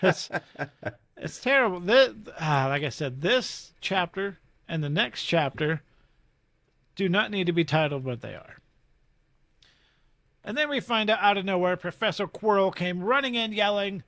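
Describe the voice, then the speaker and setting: A man's voice: sits high, measured pace, no echo. A man co-hosting a podcast, chatting casually and animatedly about a book chapter. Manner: animated, laughs and mimics quotes. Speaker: podcast co-host. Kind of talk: casual chat.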